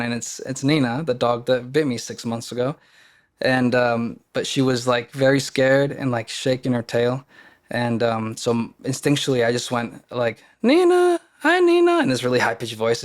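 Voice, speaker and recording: Man, podcast guest, casual storytelling, earnest, emotional, mid-range pitch. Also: flat delivery, normal speed.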